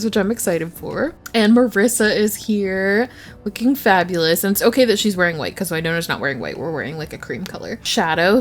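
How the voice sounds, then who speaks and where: A woman giving chatty, excitable commentary while playing a life simulation game, narrating the characters and reacting to glitches. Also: medium pitch. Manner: chatty, excitable, squeals when delighted. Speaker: gaming YouTuber. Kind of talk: casual Let's Play commentary.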